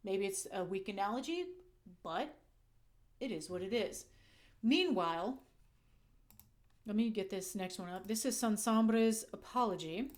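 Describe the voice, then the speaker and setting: Woman vlogger, mid pitch, frank casual commentary, punchy and a bit profane. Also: animated, measured pace, pauses often. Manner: candid, emphatic, swears when heated. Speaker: channel host. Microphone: desk microphone.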